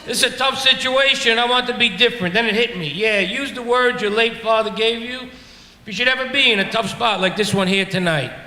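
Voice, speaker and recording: A New York-accented man performs a brash, profane, self-mocking stand-up set on a brewery stage in front of a live crowd. His voice is very high-pitched, brisk, pushed and bright. The hall echoes, and audience laughter can be heard.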